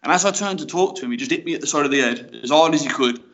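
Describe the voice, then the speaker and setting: A young man with a Black Country accent talks fast and frankly, telling his story as a podcast guest. His delivery is chatty and full of fillers. The recording sounds slightly dull and lo-fi. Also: on the high side, fairly bright tone, slight background noise. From West Midlands, England. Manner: chatty and frank, with many fillers like "mate" and "you know". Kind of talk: casual storytelling in a podcast interview.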